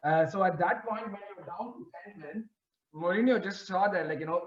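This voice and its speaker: A man's voice: high voice, a little fast. Man on a dull, echoey line. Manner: animated, stammering restarts. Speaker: podcast co-host. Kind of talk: casual football chat.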